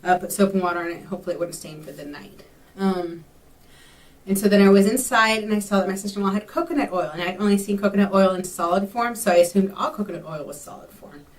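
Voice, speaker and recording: A woman's voice: medium pitch, fast, distant mic. Chatty young woman, a bit off-mic. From Texas. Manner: chatty, rambling, with many fillers. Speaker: vlogger. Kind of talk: casual storytelling vlog.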